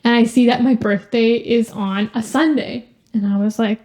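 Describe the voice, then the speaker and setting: A young woman co-hosting a casual sibling podcast, telling animated stories full of "like". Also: a little high, normal speed, a little hiss or hum. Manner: animated storytelling with lots of "like". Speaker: podcast co-host.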